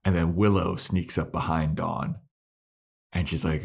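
A man's voice: sits low, flat delivery, unhurried, creaky, slightly rough. A man co-hosting a podcast, chatting casually and animatedly acting out scenes while recapping a TV episode. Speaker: podcast co-host. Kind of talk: casual chat.

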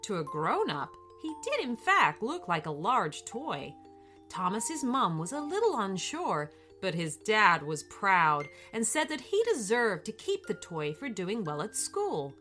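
A woman reading a children's bedtime story aloud in an expressive, lilting voice. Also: medium pitch, unhurried, soft background music.

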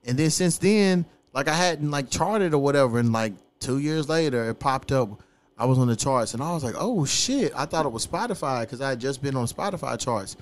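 A man in his thirties, hosting a casual podcast and talking in a profane, animated way with frequent laughs. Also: mid-range voice, brisk. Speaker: podcast host.

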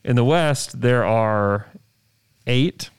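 A man's voice: medium pitch, extremely slow, smooth, dry recording, studio quality. A man co-hosting a casual sports podcast, rattling off standings and numbers with emphasis. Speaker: podcast co-host.

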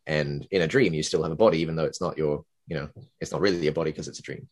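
A man who is a podcast guest, speaking in a measured, wry way during a casual discussion. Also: extremely low pitch, fairly even intonation.

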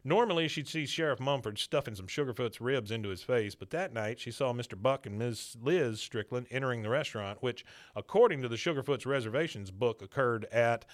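A man's voice: medium pitch, expressive, a little fast, hardly any pauses, natural voice. A man reading as a stoic Texas Ranger. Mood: laying out case. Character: stoic, formal male Texas Ranger explaining a case.

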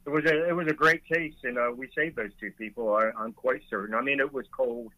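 Brisk and fairly even in intonation, a middle-aged man's medium-pitched voice relates a rescue from his days as a Coast Guard boatswain's mate, vividly and with chuckles, while a guest in a conversation. It's a dry recording with narrow, tinny sound.

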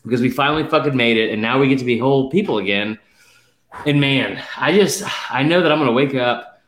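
A man's voice: medium pitch, brisk, slight background noise. Swearing, ranting male podcast co-host. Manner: heavy swearing, rambling excited rant. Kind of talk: casual sports podcast chat. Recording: echoey room.

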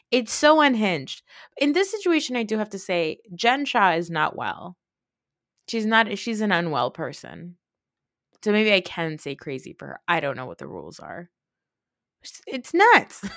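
A woman's voice: on the low side, a bit bright, no room sound, clean studio sound. A woman hosting a podcast, recapping and ranting in a casual, exasperated way and swearing freely. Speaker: podcast host.

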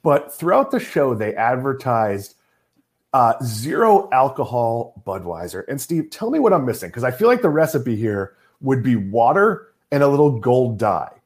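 Middle-aged guy from massachusetts, animated pitch, jokey and opinionated. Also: normal speed. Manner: joking, opinionated. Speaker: podcast host. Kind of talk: casual chat.

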